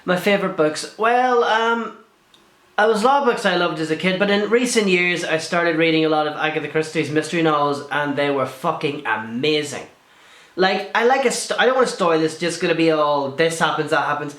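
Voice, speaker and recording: A man's voice: on the high side, a little fast. Chatty young man, echoey. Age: young adult. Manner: chatty, swears freely, animated asides. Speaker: video blogger. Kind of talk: casual Q&A vlog.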